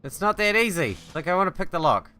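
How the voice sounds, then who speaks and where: A man's voice: sits high, big pitch swings, fast talker, pushed and bright, clean tone, faint music behind. A man giving casual, profane, joking commentary while playing a video game. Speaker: gaming channel host.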